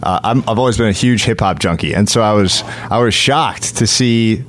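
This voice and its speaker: A man hosting a podcast, asking his guest quick conversational questions. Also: on the low side, a bit bright. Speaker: podcast host. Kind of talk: interview questions.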